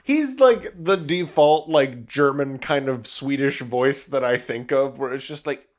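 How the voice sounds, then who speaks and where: Young guy cohosting a podcast, chatty and animated, keeps laughing and doing goofy quote voices, mid-pitched. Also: measured pace. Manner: animated, laughs often, does silly voices when quoting. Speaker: podcast co-host. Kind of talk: casual chat.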